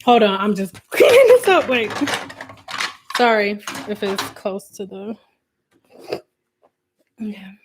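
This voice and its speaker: A woman hosting a casual hair care livestream, talking animatedly with a sassy, blunt manner and swinging between loud outbursts and quiet asides. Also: mid-range voice, wildly swooping pitch, takes it slowly, pauses often, noisy background. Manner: says her own voice sounds a little aggressive.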